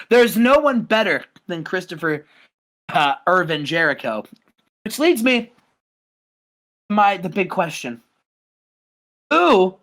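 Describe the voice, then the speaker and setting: A man's voice: high-pitched, fairly bright tone. A podcast co-host voicing a boastful male wrestling champion, delivering an arrogant, gloating promo in his everyday voice.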